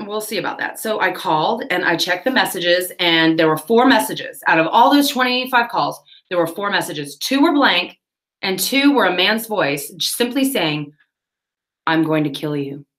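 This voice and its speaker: Lady rambling on her livestream, bright voice, laughs a lot. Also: medium pitch, lively intonation. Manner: rambling chatty storytelling, quick laughs. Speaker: livestream host. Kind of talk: casual livestream chat.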